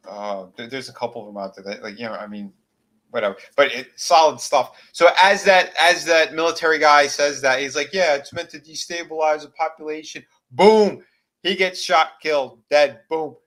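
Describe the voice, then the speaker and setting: A man's voice: mid-range voice, fairly bright tone. A man co-hosting a horror film podcast, casually retelling scenes and acting out the characters' lines with plenty of fillers. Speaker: podcast co-host. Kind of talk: casual movie recap chat.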